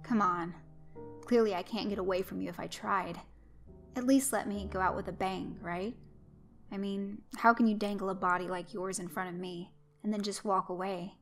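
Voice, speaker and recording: A woman's voice: medium pitch, steady tone, moderate pace, faint music behind, natural voice. A woman voicing a captive young man who pleads and coaxes to save himself in a creepypasta reading. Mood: coaxing. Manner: persuasive, pleading, desperate.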